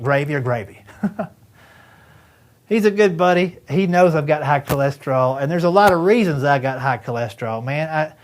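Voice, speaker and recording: A man in his fifties doing a stand-up comedy routine, telling folksy stories and acting out dialogue with his doctor and friends. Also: fairly high pitch. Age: 50s.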